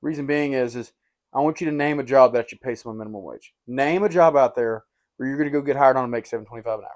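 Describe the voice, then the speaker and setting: A young man with a drawl spins a story for his podcast friends. He rambles, leans on "like" and "dude", and gets animated as the tale builds. His voice sits at an everyday middle pitch. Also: fast talker. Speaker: podcast host. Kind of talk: casual storytelling chat.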